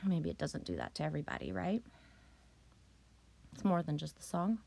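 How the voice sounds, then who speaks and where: A woman's voice: sits low, very animated, moderate pace, gravelly, a little mellow, slight background noise. A middle-aged woman chatting casually on a live stream, loose, profane and rambling as she greets viewers.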